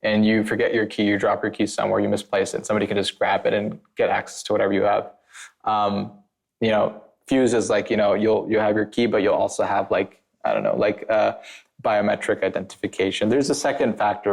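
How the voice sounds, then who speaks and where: Man, podcast guest, low pitch, gravelly fry, rambling with many fillers, blunt. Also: little pitch movement, a little fast. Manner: blunt and emphatic. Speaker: guest, former penetration tester. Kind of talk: casual podcast conversation.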